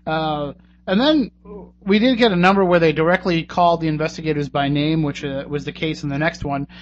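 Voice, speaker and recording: A man's voice: fairly high pitch, fairly quick, a little hiss or hum. A man hosting a radio talk show in a casual, joking, conversational way. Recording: dull lo-fi radio recording.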